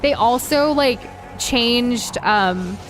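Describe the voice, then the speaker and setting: A woman's voice: on the high side, drawn-out words, soft background music. Giggly woman chatting on a stream. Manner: chatty, giggly, lots of likes and ums. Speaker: streamer co-host. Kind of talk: casual chat while gaming.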